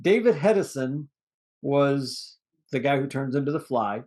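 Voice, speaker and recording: This podcast co-host has a mid-range, slightly mellow voice, expressive and a little slow. On a casual movie review show, he meanders through the cast list with restarts and laughs at his own jokes.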